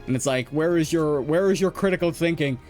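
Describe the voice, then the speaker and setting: A man's voice: on the high side, brisk, a little mellow, soft background music. A young man with an Irish accent chatting casually while streaming a game, rambling with lots of fillers, restarts and laughs. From Ireland. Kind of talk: casual chat while gaming.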